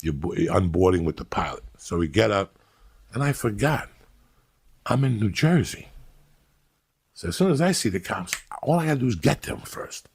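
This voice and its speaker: A man's voice: medium pitch, normal speed, vocal fry, long pauses, breathy edge, no echo. A middle-aged man telling blunt, profane stories in casual podcast chat, acting out what he said. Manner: profane, blunt and animated, acting out his own quotes. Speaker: storyteller on a podcast.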